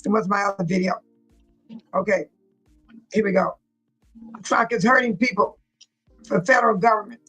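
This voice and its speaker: Husky woman hosting a reaction stream. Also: mid-range voice, normal speed, pauses often, a bit bright, soft background music, poor audio. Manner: emotional, repeats herself, talks straight to viewers. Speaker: livestream host. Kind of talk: casual reaction commentary.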